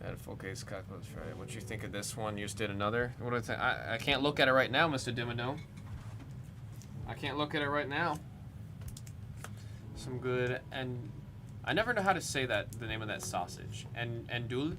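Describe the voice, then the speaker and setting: On a live card-opening stream, a man with a bright, forceful mid-range voice talks a little fast, pausing often. He chats and rambles casually between calling out the cards he pulls, with music playing beneath his voice and slight background noise.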